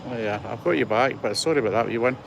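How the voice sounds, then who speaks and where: A man's voice: medium pitch, fast, vocal fry, highs cut off, background noise. A Scottish man in his sixties giving a rambling, chatty walking-tour vlog with a phone on a gimbal, poking fun at himself. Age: 60s. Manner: chatty, rambling, self-deprecating. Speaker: vlogger. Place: outdoor heritage museum grounds. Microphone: handheld phone on gimbal.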